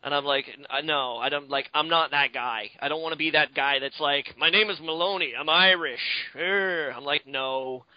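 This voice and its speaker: A man from Canada, co-hosting a podcast in a rambling, profane, animated way. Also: mid-range voice, normal speed, few pauses, no echo. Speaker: podcast co-host. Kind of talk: casual podcast chat. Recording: dull lo-fi, dry.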